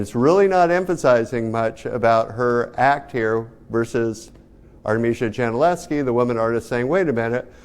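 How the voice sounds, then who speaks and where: A man lecturing a class in a loose, conversational way. His voice sits at a middle pitch. He keeps asking his students rhetorical questions. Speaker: art history lecturer.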